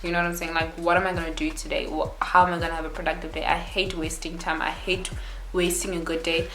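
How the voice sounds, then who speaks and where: A young woman vlogs in a loose, rambling, animated way, peppering her talk with "like" and "yo". Her voice sits slightly low for a woman. The room rings with echo, and faint music plays under her. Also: quick pace. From South Africa. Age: young adult. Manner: chatty, rambling, animated, frequent "like" and "yo". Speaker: YouTuber. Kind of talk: casual chat to camera.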